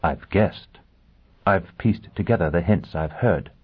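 A man voicing a bitter, proud young woman in an audiobook, speaking in a low, cutting, scornful way. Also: takes it slowly, slightly rough, heavily acted. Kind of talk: audiobook character voice. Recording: tinny phone-like sound.

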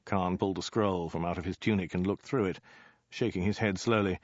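Low-voiced man narrating a comic story. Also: fairly even intonation, brisk, dry recording, highs cut off.

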